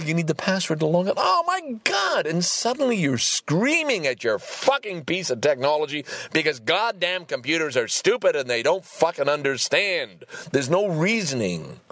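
A man hosting a casual solo podcast, ranting in an animated and profane way. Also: fairly high pitch, fairly quick, dry recording. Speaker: podcast host.

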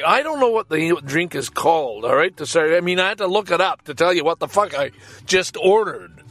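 A man's voice: sits high, very animated, a little fast, fairly bright tone, no echo. An older man telling a rambling, profane story from his parked car, stammering and exasperated. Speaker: podcast host. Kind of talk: rambling personal anecdote.

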